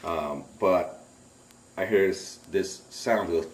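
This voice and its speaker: A man's voice: low-pitched, slow, echoey room. A middle-aged man telling his own story in an interview, acting out his own alarmed, cursing exclamations. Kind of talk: animated first-person storytelling. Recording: voice picked up from a distance.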